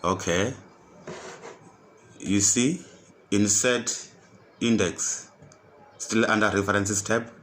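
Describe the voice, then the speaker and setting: Low slow-speaking man teaching software steps. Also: a little hiss or hum. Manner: repetitive step-by-step instructions, restating each step. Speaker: computer skills tutor. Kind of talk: screen-recorded software tutorial.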